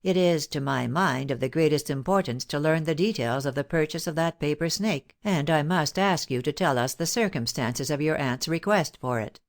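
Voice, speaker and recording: A grave, measured male detective, calm and a little stern, as a woman narrator puts him on. The voice drops low for him. It is an audiobook reading.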